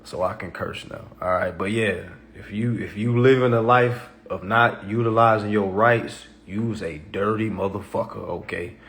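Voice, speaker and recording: This live-stream host has a fairly low, fairly bright voice and speaks at a moderate pace with hardly any pauses. His casual talk is preachy and repetitive, peppered with "okay?" and acted-out skeptical responses from others.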